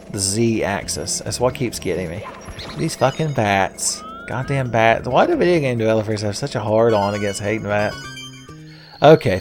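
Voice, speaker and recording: A man hosting a casual let's-play video, rambling with sarcastic, profane jokes. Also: fairly low pitch. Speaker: gaming video host.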